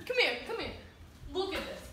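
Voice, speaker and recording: A young woman doing an improvised comedy story, animated and laughing often. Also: very high voice, fairly quick. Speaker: vlogger. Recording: echoey room, faint noise.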